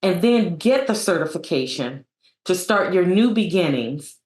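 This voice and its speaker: A woman hosting an interview speaks slowly in a fairly low voice, with lots of fillers and restarts as she affirms her guest. Her voice rings with a roomy echo. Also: expressive, a little mellow. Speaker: interview host. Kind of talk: conversational interview.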